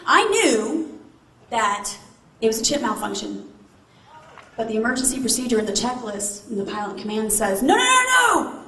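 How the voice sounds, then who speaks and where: Animated woman telling a story on stage. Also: a little high, moderate pace, pauses often. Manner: animated, asks the audience questions. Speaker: motivational speaker. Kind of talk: keynote storytelling to a live audience. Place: large event hall. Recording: echoey hall with faint noise. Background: audience responses.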